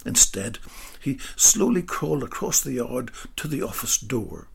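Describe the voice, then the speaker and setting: A man narrating a story slowly, dropping into whispered asides. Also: mid-range voice, very animated, vocal fry, slightly rough. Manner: slow, drawn-out delivery with whispered asides.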